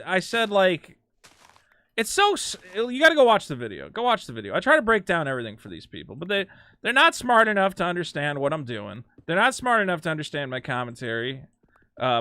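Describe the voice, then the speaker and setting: A man hosting a call-in show, chatting in an animated way and sometimes breaking into loud mock shouting. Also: a little high, smooth, no room sound. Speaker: host.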